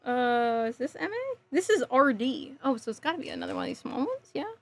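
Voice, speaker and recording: Her voice is high with big pitch swings and a slightly fast delivery as she builds a model kit and talks with viewers on a casual stream. The woman, in her thirties, is chatty and giggly and reads chat messages aloud, with faint music in the background.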